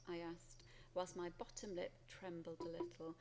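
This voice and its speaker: A woman's voice: lowish voice, normal speed, vocal fry, few pauses, a little mellow. A woman with a Welsh English accent, an English teacher who reads a student's essay aloud and then comments on it as she marks it.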